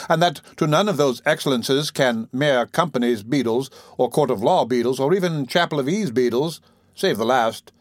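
Male audiobook narrator, measured delivery, mid-range voice, dry close recording. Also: mid-range voice, no room sound. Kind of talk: scripted narration of a classic novel.

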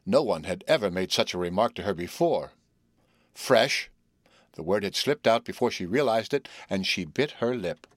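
A man reading a story aloud as narrator, in a measured, even way. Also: low voice, no room sound, clean studio sound. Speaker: audiobook narrator. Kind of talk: scripted narration.

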